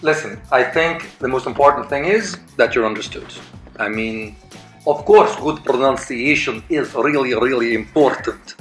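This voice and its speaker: A man with an Irish accent, an English teacher, chatting in a relaxed, easygoing way in an echoey room. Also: mid-range voice, normal speed, faint music behind. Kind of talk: casual chat.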